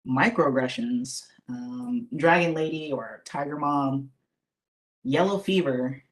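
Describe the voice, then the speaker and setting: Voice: medium pitch, slow pace. A presenter leading a live webinar over a computer microphone, talking casually with many fillers and restarts. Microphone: computer microphone on a video call.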